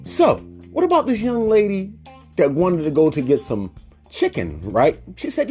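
A man's voice: high-pitched, wildly swooping pitch, normal speed, darkish tone, soft background music. A man from Baltimore, Maryland hosting a solo podcast. He tells stories animatedly, acts out the people he quotes, and rants with mock indignation. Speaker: podcast host.

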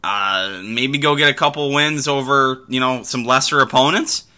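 A man's voice: mid-range voice, normal speed, bright, forceful tone. A man hosting a podcast, talking through fights in casual sports commentary, rambling with restarts and the odd swear. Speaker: podcast host.

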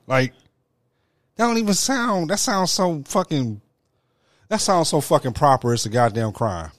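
Lively incredulous man, dry studio sound. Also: a little high, no room sound. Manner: incredulous reacting, profane, drawn-out. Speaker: podcast co-host. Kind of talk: crude casual banter.

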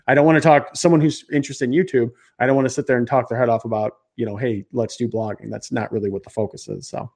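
A man with a Chicago accent, a podcast guest, explaining things in a lively, rambling way with many restarts and fillers. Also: medium pitch, fast talker, hardly any pauses. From Chicago area. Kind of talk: conversational interview explanation.

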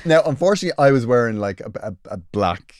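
A young man chatting casually, telling stories with big laughs and sudden quiet asides. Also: quick pace, no room sound, studio quality. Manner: animated storyteller, laughs often, swings between loud bursts and low asides. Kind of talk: casual chat.

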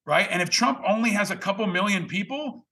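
Bright-voiced blunt man talking politics. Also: high-pitched, brisk. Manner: blunt, emphatic, strategic. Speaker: political commentator. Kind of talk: casual political chat.

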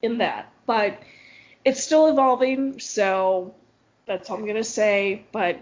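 A woman's voice: medium pitch, slow pace. A woman co-hosting a podcast in casual chat, rambling and laughing often. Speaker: podcast co-host. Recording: dull lo-fi recording.

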